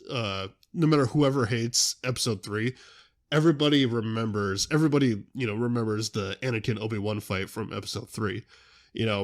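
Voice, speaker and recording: A young man rambles eagerly on his podcast, hopping between thoughts and correcting himself as he goes. His voice sits in an ordinary middle register, and his chat is loose and unscripted. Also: mid-range voice. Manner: excitable, rambling, self-interrupting. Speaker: podcast host.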